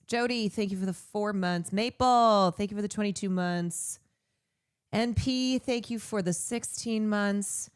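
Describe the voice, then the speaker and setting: A woman's voice: medium pitch, unhurried, clear, resonant tone. A woman streamer reads a news story aloud in casual commentary. She keeps breaking off into heated, profane remarks of her own. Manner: profane, indignant.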